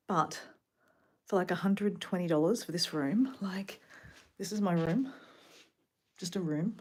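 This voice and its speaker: A woman from Australia with an Australian accent, rambling casually in a travel vlog from a hotel room, full of fillers and sometimes dropping to a soft whisper. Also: lowish voice. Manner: chatty, rambling, filler-heavy, drops to a soft whisper at times. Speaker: travel vlogger.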